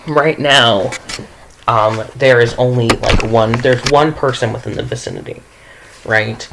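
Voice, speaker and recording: A woman's voice: a bass voice, slight background noise, low-quality recording. A woman running a tabletop game as game master, narrating in a rambling, giggly way with lots of fillers.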